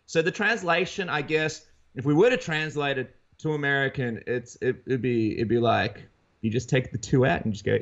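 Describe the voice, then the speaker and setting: An Australian man co-hosting a podcast in casual chat, telling stories in an animated way with many restarts. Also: medium pitch. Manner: rapid, animated storytelling with frequent restarts. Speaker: podcast co-host. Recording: dull lo-fi sound.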